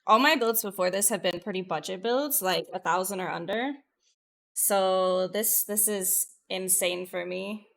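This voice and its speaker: A woman VTuber streamer chatting casually with her live viewers, excitable and profane, jumping between loud bursts and muttered asides. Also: medium pitch, measured pace, creaky.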